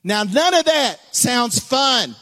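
Animated preacher, folksy and loud. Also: male voice, extremely high pitch, takes it slowly. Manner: folksy, joking, animated preaching with sudden shouts and hushed asides. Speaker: pastor. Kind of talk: sermon.

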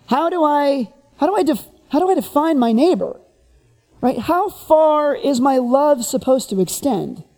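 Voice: sits high, expressive, a little slow, dark tone. A preacher acting out a defensive lawyer who argues over the rules and pleads to narrow his duties. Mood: protesting. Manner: pleading, hair-splitting.

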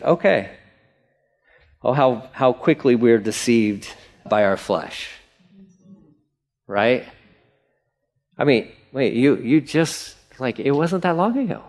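A man's voice: medium pitch, expressive, slow pace, pauses often, darkish tone. A male pastor preaching a conversational sermon, acting out quotes and asides.

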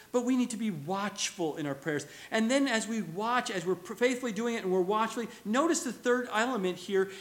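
A pastor preaching a sermon, telling stories in an animated way and chuckling now and then. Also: male voice, high-pitched.

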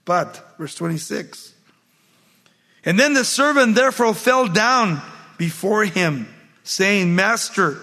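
A man's voice: high voice, lively intonation, takes it slowly, pushed and bright, in a large hall. A man preaching a sermon, reading scripture aloud and then expounding on it with emphatic repetition.

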